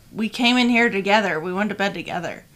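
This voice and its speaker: A woman co-hosting a casual podcast, telling a story in an animated way and swearing freely. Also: medium pitch, normal speed. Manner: animated, swears freely, loud when retelling. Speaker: podcast co-host.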